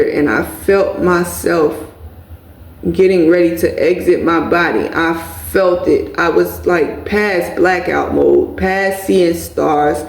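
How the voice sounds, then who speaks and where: A woman's voice: lowish voice, creaky, a little mellow. A woman vlogger telling an emotional personal story in a casual way, speaking straight to her viewers as "y'all.". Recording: echoey room.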